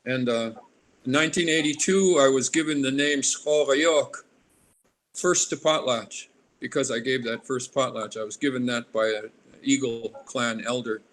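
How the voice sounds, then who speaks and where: A man in his sixties from Alaska talks at a middle pitch in a loose, meandering interview manner. He wanders off on tangents and restarts his sentences as he goes. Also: normal speed, fairly bright tone. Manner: rambling, drifts into tangents. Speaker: artist interviewee. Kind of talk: casual interview.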